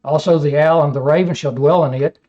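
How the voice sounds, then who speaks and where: A man's voice: a little high, fairly even intonation, brisk, dark tone. A man teaching a Bible study lecture, reading scripture aloud and then explaining it with rhetorical questions. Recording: dull lo-fi recording.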